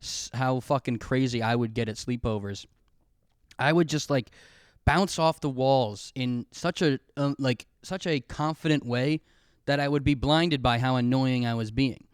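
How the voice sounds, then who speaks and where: A man's voice: mid-range voice, unhurried, clean tone, no echo, clean studio sound. A man hosting a casual solo podcast, telling rambling, profane, self-mocking stories. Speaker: podcast host.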